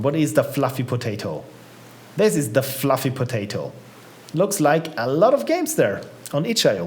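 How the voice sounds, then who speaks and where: A man's voice: mid-range voice, darkish tone. A man casually commenting while live-streaming and trying out indie games, chatty and upbeat, reacting aloud to what he sees. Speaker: streamer playing viewers' games.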